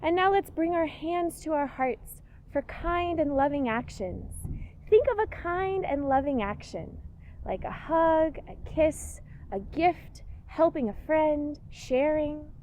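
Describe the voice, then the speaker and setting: A woman's voice: high voice, lively intonation, takes it slowly, darkish tone, a little hiss or hum. A woman leading a kids yoga class, giving playful, encouraging cues and telling a rhyming story.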